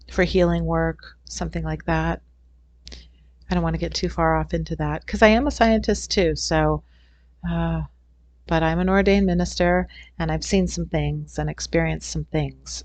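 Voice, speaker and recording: A woman's voice: sits low, no room sound, highs cut off. A middle-aged woman, a holistic healing teacher, telling a personal story in an earnest, rambling way. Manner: rambling, earnest, with frequent restarts. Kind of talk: casual storytelling talk.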